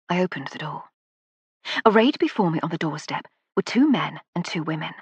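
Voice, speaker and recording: A woman narrating a first-person novel with a wry, measured delivery. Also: fairly low pitch, slightly rough, no room sound. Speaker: audiobook narrator.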